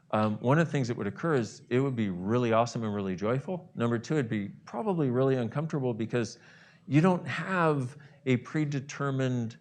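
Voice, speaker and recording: Male self-help host, animated guided visualization, mid-range voice, bursts into excited exclamations. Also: medium pitch. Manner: animated, acts out inner voices with gasps and exclamations.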